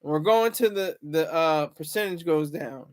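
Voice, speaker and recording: A man's voice: on the high side, measured pace. A man hosting a casual livestream, rambling and chatting with viewers in the comments. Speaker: livestream host.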